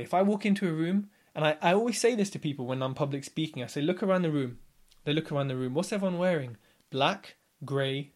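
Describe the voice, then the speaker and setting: A man in his thirties chatting casually as a podcast guest, telling stories and acting out other people's lines. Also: fairly high pitch. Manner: animated storyteller, acts out others' lines.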